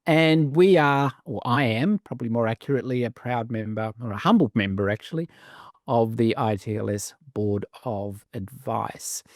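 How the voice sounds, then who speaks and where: A CEO of a business sustainability council speaks in a podcast interview with a medium-pitched voice at normal speed, recorded in clean studio sound with no room sound. He's articulate, wry and self-deprecating, with frequent restarts.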